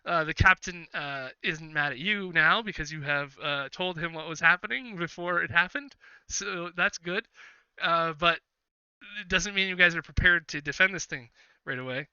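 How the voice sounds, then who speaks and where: Man game master, bright clear voice, dry close mic, a bit muffled, chatty. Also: a little high, normal speed, dry recording. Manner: chatty, laughs often, many fillers. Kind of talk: narrating a tabletop game.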